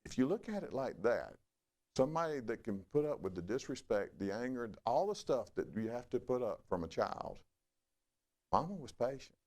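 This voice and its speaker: A middle-aged man preaching a sermon in a folksy, conversational way. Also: moderate pace. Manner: folksy, conversational preaching with lively swings in pitch. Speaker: pastor.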